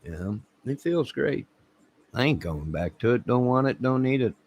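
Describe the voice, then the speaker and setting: A man's voice: mid-range voice, big pitch swings, moderate pace, darkish tone, highs cut off. A man hosting his own channel, telling a rambling comic story and laughing at his own jokes while acting out the quotes. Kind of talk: rambling comic anecdote to camera.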